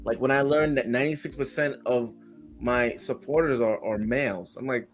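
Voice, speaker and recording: A man's voice: mid-range voice, normal speed. Blunt, frank male content creator. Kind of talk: casual chat.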